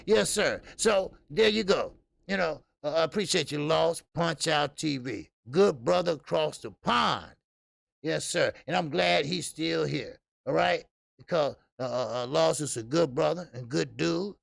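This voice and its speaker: A man's voice: a little high, a little slow, vocal fry, dry recording, clean studio sound. A middle-aged man hosting a boxing show in loose, profane, joking casual chat, full of filler sounds. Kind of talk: casual live-stream chat.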